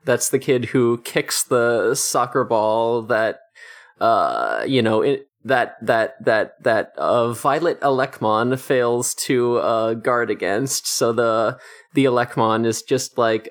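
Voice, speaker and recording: A woman co-hosting a podcast, recapping an episode in casual chat, animated and swearing freely. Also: takes it slowly. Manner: animated, swears casually, lively pitch jumps. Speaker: podcast co-host.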